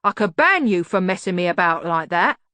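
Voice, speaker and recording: A woman voicing a gruff, surly male bar doorman who grumbles slowly in working-class speech. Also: mid-range voice, expressive, a bit bright, no room sound. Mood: angry.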